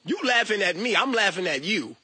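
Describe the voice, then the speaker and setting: Bright, husky-voiced man ranting casually. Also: sits high, brisk, dry recording. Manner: profane, animated, mocking, laughs at himself. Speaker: online talker. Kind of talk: casual rant.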